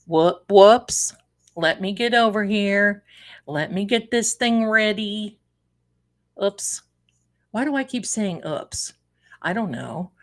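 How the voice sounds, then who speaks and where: A woman's voice: medium pitch, animated, slow pace, pauses often. A woman hosting a live tarot stream, chatting casually and exclamatorily while fumbling with her setup.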